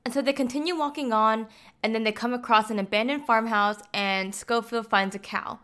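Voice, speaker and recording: Smooth-voiced woman recapping a film. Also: on the high side, steady tone, fairly quick, fairly bright tone. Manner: chatty, heavy use of "like" fillers. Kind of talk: casual film plot recap.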